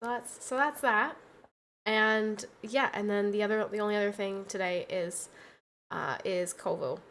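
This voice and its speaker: A young woman streaming a casual chat, tired and tearful, talking softly with many pauses and restarts. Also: mid-range voice. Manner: soft, halting, full of fillers and restarts.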